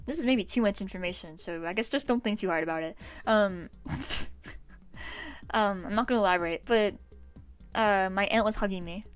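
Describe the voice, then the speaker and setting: A woman's voice: medium pitch, clear, resonant tone. Laughing, foul-mouthed young woman streamer. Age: 20s. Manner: loose and profane, laughing often. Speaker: livestreamer. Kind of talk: casual chat with stream viewers.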